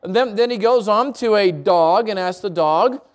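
A middle-aged pastor retelling a children's story in a casual, chatty sermon with asides to the congregation. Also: male voice, high voice, normal speed.

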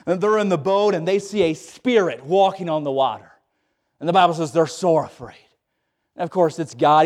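A man's voice: a little high, moderate pace, a little mellow. A man preaching a sermon in a folksy, dramatic way, acting out the scenes he tells.

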